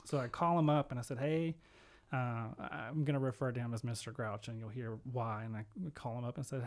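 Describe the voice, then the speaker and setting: A man of ordinary, mid-range pitch tells a long personal story on a podcast. He speaks casually and acts out the voices of the people in it, rising for the angry parts. It is a relaxed interview conversation into a podcast mic. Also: brisk. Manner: animated storyteller acting out quoted voices. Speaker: podcast guest, home care executive.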